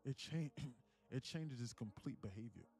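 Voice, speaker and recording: A man's voice: mid-range voice, animated, measured pace, creaky, a little mellow, breathy edge. A man hosting a casual live trading stream, rambling and acting out mock dialogues.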